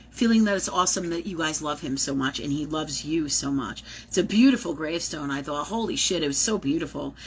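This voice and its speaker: A woman's voice: medium pitch, fairly bright tone, a little hiss or hum, low-quality recording. A woman talking casually and animatedly as a medium in a live-streamed reading, swearing now and then. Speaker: psychic medium.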